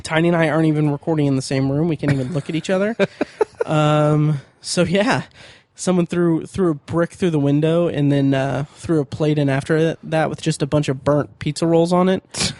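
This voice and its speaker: A man's voice: a little high, fairly even intonation, moderate pace, few pauses, a little mellow, no room sound. Rambling, joking male podcast co-host. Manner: rambling, joking, many fillers and restarts. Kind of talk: casual podcast chat.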